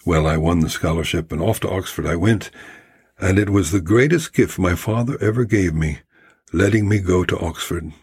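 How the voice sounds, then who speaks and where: A man's voice: low voice, normal speed, darkish tone, husky, exaggerated voice. A man voicing an arrogant, witty Victorian male writer with a delightfully haughty, theatrical air and no put-on accent. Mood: arrogant, amused.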